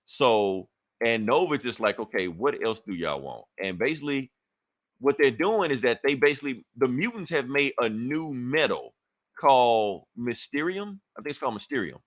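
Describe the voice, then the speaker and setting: A man's voice: mid-range voice, big pitch swings, moderate pace, no echo. A man casually recapping a comic book on a podcast, acting out the characters' lines and swearing freely. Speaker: podcast co-host reviewing comics.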